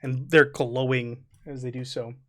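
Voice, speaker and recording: A man's voice: medium pitch, steady tone, unhurried, fairly bright tone. A man narrating as game master of a tabletop game, describing scenes loosely with many fillers.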